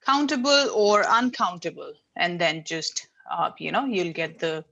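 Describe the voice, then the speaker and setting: A woman's voice: lowish voice, animated, a little slow, gravelly, fairly bright tone. A woman teaching an English class over a video call, explaining patiently step by step with frequent fillers. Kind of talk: online class instruction.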